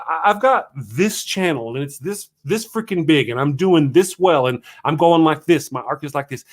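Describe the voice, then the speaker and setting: A man hosting a solo livestream morning show, talking casually and ranting in a rambling, self-deprecating way. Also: high voice.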